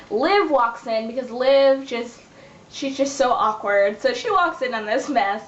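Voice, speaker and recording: A young woman with a slightly high voice speaks at a measured pace, recapping her web series in a chatty, casual vlog and acting out the characters' lines. The sound is lo-fi and dull, in an echoey room with faint hiss.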